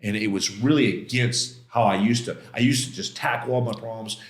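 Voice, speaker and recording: Middle-aged male guest, animated storyteller, mid-pitched voice, echoey room sound. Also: brisk. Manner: animated, acts out quoted voices, frequent "man". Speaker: podcast guest. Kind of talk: casual storytelling interview. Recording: roomy studio echo.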